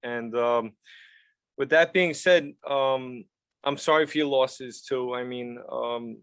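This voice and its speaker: A middle-aged man hosting an interview podcast, talking sincerely and warmly with his guest. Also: mid-range voice, slow, clear, resonant tone, no echo. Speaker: podcast host. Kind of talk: casual interview chat.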